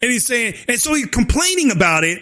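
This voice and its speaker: High-voiced man ranting and laughing. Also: big pitch swings, fast talker. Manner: loud, mocking, laughing, mimics opponents. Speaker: host. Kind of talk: opinion rant.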